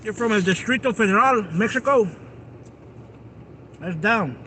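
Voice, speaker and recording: A man with a notably high voice rambles through a casual livestream, talking straight to his viewers. He is outdoors, and faint vehicle noise hums in the background. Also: animated, a little slow, sharp tone. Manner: rambling, chatty, addresses viewers directly. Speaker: live streamer.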